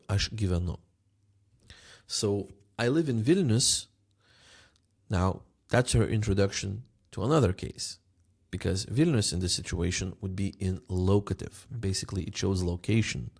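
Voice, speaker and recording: Male language teacher, lowish gravelly voice, patient, repeats each phrase. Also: darkish tone. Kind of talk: language lesson.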